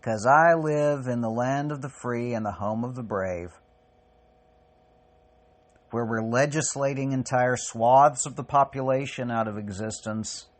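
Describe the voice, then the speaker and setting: A man delivering a personal spoken essay as a podcast host, halting and raw, with long pauses and swearing. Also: medium pitch. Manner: raw and profane.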